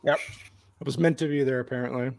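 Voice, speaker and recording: A man guesting on a podcast, telling an excited, rambling anecdote with lots of restarts. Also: mid-range voice, fast, creaky. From lives in Arizona. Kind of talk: casual storytelling on a podcast.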